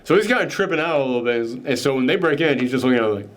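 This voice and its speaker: A man's voice: mid-range voice, animated, very fast, a little hiss or hum. A man giving a casual, candid, opinionated film review. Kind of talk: casual movie review chat.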